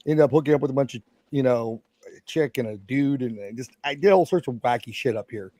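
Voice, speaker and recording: A man's voice: medium pitch, fairly quick, mellow, no room sound. A man in his forties, a guest on a stream, telling his story casually in a blunt, self-mocking way. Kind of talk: casual chat.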